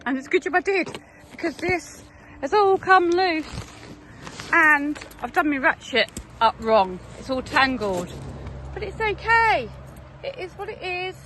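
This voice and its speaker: A British woman with a fairly high voice chats casually to camera on a road trip. She reflects aloud and talks herself through small mishaps in an easygoing way. Faint background noise sits under her voice outdoors. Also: lively intonation, unhurried, sharp tone. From United Kingdom. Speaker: motorcycle touring vlogger. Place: outdoors by a roadside.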